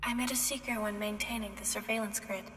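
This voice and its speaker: Actress as calm female survivor log voice; distant, echoey game audio. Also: mid-range voice, a little fast, background noise, close to an everyday voice. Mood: flat.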